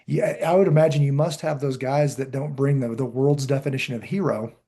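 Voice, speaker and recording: A man's voice: mid-range voice, a little fast, husky. A middle-aged man hosting a podcast interview, telling stories animatedly, acting out quotes and restarting his sentences. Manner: animated storytelling, acts out quotes, frequent restarts. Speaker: podcast host. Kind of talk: casual interview chat.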